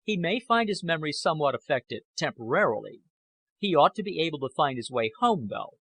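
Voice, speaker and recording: A man voicing a cold, scheming man who answers curtly and evasively, in a husky voice. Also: on the high side, sing-song, fairly bright tone, no echo, pitched above the performer's own voice, exaggerated voice. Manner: measured, curt replies.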